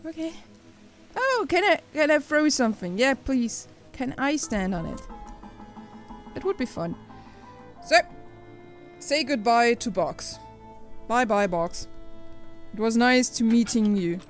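A young woman hosting a let's play, reacting excitably, exclaiming and talking back to the game as she plays. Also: fairly high pitch, takes it slowly, pauses often, soft background music, rough recording. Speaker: gaming channel host.

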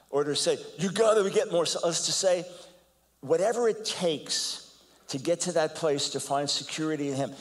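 An older man lectures in a big auditorium, his slightly high voice trailing long reverb. He talks in an animated, storytelling way, repeating words as he restarts and acting out the lines of others. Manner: animated, stumbles and repeats words, acts out quotes. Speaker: guest lecturer.

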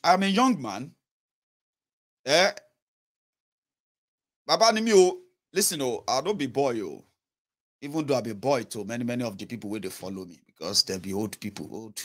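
A man's voice: mid-range voice, expressive, normal speed, pauses often. A man in his thirties with a Nigerian Yoruba accent, giving an earnest, pleading political monologue straight to his viewers and slipping into Pidgin. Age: 30s. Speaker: political commentator. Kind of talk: impassioned direct-to-camera monologue.

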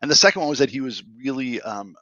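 A man's voice: medium pitch, lively intonation, fast, pushed and bright, dry recording, muffled recording. A man in his fifties with a Boston accent, a guest telling stories with jokes and punchlines. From greater Boston, USA. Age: 50s. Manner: jokey storyteller with punchlines. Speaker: guest entrepreneur. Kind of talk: casual interview chat.

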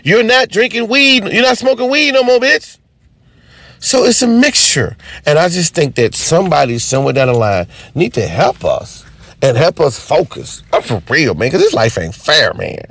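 A male stand-up comic rants, cursing freely. His pitch leaps around, he often shouts high, and the sound is dry and close. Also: moderate pace, no room sound. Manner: profane, animated, ranting. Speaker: stand-up comedian. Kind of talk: unscripted comedy rant.

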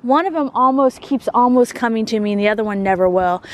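A little high and fast, her voice carries some hiss or hum as the mother and vlog host chats to the camera out on a neighborhood street. Talking to her kids and puppies, she goes sing-song and babyish.

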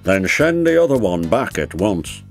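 A stern, brisk railway boss, voiced by a man in a homemade toy train story. His low voice moves in lively swings and takes its time, with faint music beneath. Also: creaky, heavily acted.

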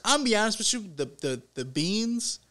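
A man's voice: high voice, big pitch swings, moderate pace, bright, forceful tone. Incredulous, laughing co-host man. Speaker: podcast co-host. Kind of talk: casual comedic banter.

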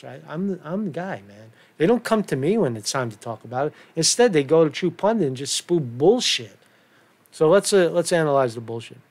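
A man hosting his own channel, giving sarcastic, profane, rambling commentary. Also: on the high side. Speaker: channel host. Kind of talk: casual commentary video.

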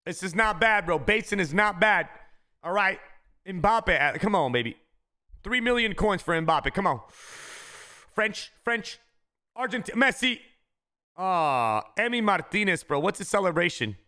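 A man streaming a video game, chatting casually with his chat and shouting when he gets a good pull. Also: high voice, moderate pace. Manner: excitable, shouts at big pack pulls; talks to chat, says bro a lot. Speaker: gaming streamer. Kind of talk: casual live-stream commentary.

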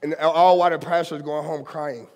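Male pastor, high voice, passionate conversational sermon, church hall reverb. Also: steady tone, normal speed. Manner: impassioned, conversational preaching with colloquial asides. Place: church sanctuary.

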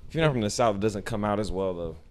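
A young man co-hosting a podcast, bantering loudly with friends in slang and laughing often. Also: on the low side, quick pace, a crowd in the background. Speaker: podcast co-host. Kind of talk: casual chat among friends.

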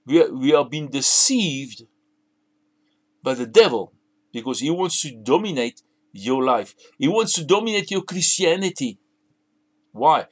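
A man's voice: medium pitch, animated, a little slow, pauses often. A man preaching a sermon, emphatic, repeating and restarting phrases as he builds his points.

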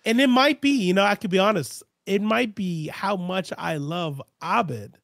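A man co-hosting a casual podcast chat, lively and playful, laughing easily between points. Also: sits high, a little slow, vocal fry, dry recording, clean studio sound. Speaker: podcast co-host.

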